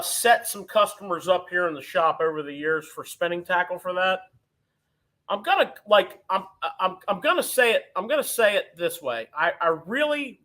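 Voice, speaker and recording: Casual male shop host, high bright voice, hands-on gear talk. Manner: talkative, explains gear hands-on. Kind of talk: casual live-stream chat. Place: tackle shop.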